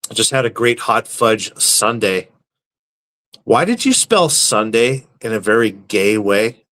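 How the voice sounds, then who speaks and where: A man hosting a live stream, reading viewer comments aloud and answering them with deadpan, crude, mock-serious jokes. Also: on the low side, a little slow. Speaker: livestream host reading chat. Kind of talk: casual live-stream banter.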